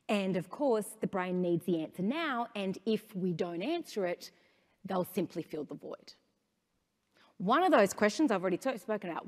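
A middle-aged Australian woman on stage at a conference, talking in an animated, storytelling way and often turning to the crowd with questions. Her voice sits at a medium pitch and carries a long reverb from the large hall around her. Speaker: conference speaker. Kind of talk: conference keynote talk.

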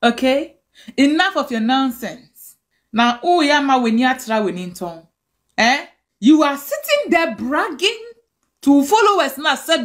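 Speaking straight to the camera, a Ghanaian woman with a Ghanaian accent rants angrily and scolds, switching between languages. Her high voice is very animated, and she talks at a normal pace.

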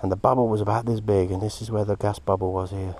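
A man hosting a casual vlog outdoors at a quarry. He talks excitedly, gasping and dropping into breathy whispers. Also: lowish voice, fast talker, slight background noise. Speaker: host, moldavite hunter.

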